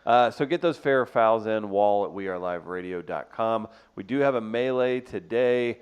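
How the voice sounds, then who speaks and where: A man's voice: fairly low pitch, moderate pace, smooth, muffled recording. A young man co-hosting a radio podcast in a loose, joking way. He reads promos and giveaways in the same easy tone he uses for his banter. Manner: jokey, easygoing, reads out promos. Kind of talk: casual chat.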